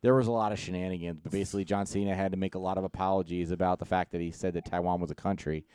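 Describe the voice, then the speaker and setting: A man's voice: low-pitched, steady tone, very fast, a little mellow, clean tone, no echo. A man co-hosting a podcast in casual chat, rambling and hesitant as he explains things. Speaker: podcast co-host.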